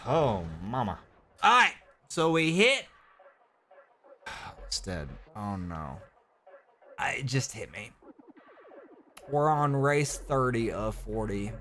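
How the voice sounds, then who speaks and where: A stuffy, sore-throated man talks through a late-night game stream with music playing behind him. His voice swings widely and animatedly in pitch as he rambles and cuts himself off mid-thought. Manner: rambling, animated, self-interrupting.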